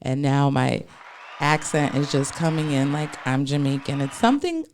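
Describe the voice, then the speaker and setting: A woman's voice: very deep voice, expressive, normal speed, background noise. Chatty New York woman hosting a podcast. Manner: chatty, playful, laughs easily. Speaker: podcast host. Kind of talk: casual fashion chat.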